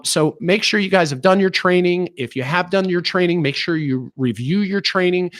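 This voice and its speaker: Guy coaching receptionists, kinda high voice, dry close sound, lots of ums. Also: no room sound. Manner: earnest, filler-heavy coaching; acts out phone calls in a raised voice. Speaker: chiropractic practice trainer. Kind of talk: front desk training talk.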